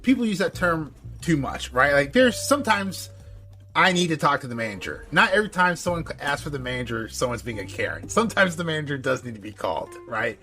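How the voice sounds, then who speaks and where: A man co-hosting a podcast in casual chat, rambling and animated, with lots of filler words. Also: fairly high pitch, a little fast, soft background music. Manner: rambling, animated, heavy use of "like". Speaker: podcast co-host.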